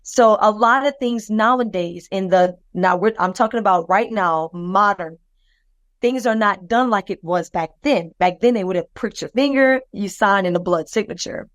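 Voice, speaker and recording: A woman's voice: medium pitch, moderate pace, dry recording. A woman on a podcast telling a personal story in a loose, rambling way, full of fillers and restarts, acting out the voices of the people in it. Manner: lively and expressive, acts out other people's voices. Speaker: podcast co-host.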